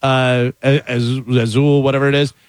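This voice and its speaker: A man's voice: mid-range voice, level tone, normal speed, smooth, no room sound. A man co-hosting a radio show, retelling stories in a rambling way with chuckles and filler words. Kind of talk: casual radio chat.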